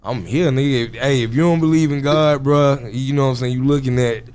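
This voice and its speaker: Man, relaxed slangy storyteller, mid-pitched, casual interview guest. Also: fairly quick, clear, resonant tone. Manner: laid-back, storytelling, slangy.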